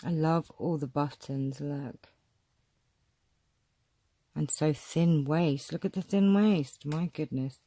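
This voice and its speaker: Woman, low and mellow, easygoing show-and-tell chatter, keeps clearing her throat. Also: slow, pauses often, no room sound. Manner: chatty, musing aloud, frequent throat clearing. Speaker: vlogger showing a photo collection. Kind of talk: casual show-and-tell commentary.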